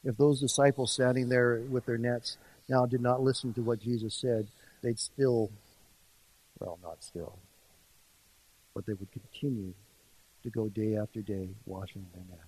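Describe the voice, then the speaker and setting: A man preaching an earnest sermon, swinging between quiet, intimate passages and louder emphasis. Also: mid-range voice, fairly even intonation, unhurried, pauses often, breathy edge, rough recording. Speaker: pastor.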